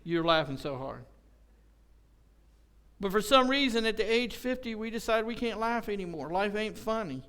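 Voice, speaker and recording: High, clear-voiced joking preacher man. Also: lively intonation, moderate pace, long pauses, a bit bright. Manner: joking, folksy storytelling with acted-out quotes. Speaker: pastor. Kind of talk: casual conversational sermon. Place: church service.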